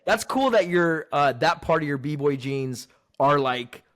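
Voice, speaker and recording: Upbeat joking man, somewhat high voice. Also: animated, unhurried, fairly bright tone. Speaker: podcast guest. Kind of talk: casual chat.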